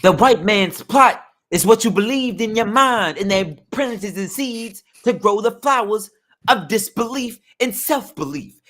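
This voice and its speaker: A solemn conspiracy preacher, as a man puts him on, pitched well above his own voice and booming loud. He speaks with a grand, preachy cadence and dwells on each heavy phrase. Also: expressive, measured pace, heavily acted.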